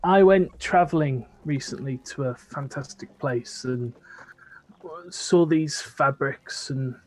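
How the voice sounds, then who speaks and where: A man's voice: medium pitch, slow, darkish tone, lightly acted. A man playing a hesitant, awkward cleric in a tabletop game. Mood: flustered. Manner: hesitant, many fillers. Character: awkward young male cleric bringing gifts.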